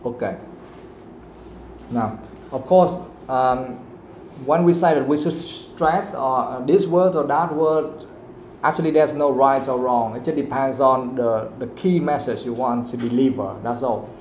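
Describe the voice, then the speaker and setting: A man's voice: medium pitch, unhurried, darkish tone, slight background noise. A man with a Vietnamese accent, teaching an English lesson live and explaining patiently with many repetitions. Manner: explains patiently, repeats himself, switches into Vietnamese to clarify. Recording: echoey room.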